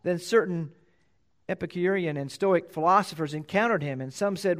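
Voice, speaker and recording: Man preaching a sermon. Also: moderate pace. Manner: reads scripture louder and higher, then drops low to explain; repeats phrases for emphasis. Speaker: pastor. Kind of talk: sermon with scripture reading.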